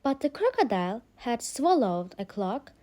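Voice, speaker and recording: A woman reading a bedtime story aloud for English learners, clear and expressive. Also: a little high, moderate pace.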